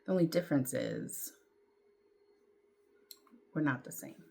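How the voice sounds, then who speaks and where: A middle-aged woman, telling a personal story to camera in a candid, rambling way, with fillers and throat clearing. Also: sits low, animated, measured pace, mellow. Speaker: vlogger.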